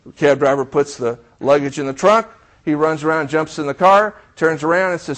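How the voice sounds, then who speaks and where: A man's voice: fairly high pitch, a little fast. A middle-aged man preaching a sermon, telling a story and acting out the dialogue while asking the congregation questions. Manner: storytelling, acts out quoted dialogue. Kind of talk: sermon illustration.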